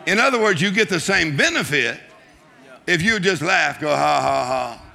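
A man preaching a humorous sermon, joking and urging the congregation on with shouts and laughter. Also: high-pitched, sing-song, moderate pace, gravelly.

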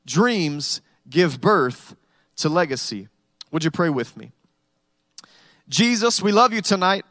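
A man with a high voice preaching a sermon, relaxed and chatty, and he drops jokes and stories into the message. The sound is dry and close, with no room echo. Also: slow pace. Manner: conversational preaching with humorous storytelling. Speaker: pastor.

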